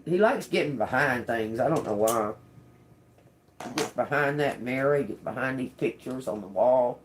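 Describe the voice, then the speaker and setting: A woman's voice: rumbling low, a little mellow. Chatty woman tarot reader. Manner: chatty and loose, laughs often, talks to her pet bird. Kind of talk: casual reading and chat to viewers.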